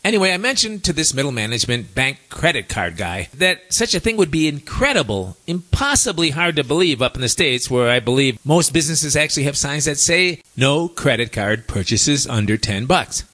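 Lively chatty man telling stories. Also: on the high side, moderate pace, hardly any pauses. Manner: chatty, wry asides, lively rising and falling delivery. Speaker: host. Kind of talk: casual storytelling monologue.

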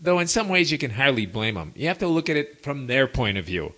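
Wry man with a lively voice. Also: mid-range voice, brisk. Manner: wry, folksy storytelling with lively intonation. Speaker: podcast host. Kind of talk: casual monologue to listeners.

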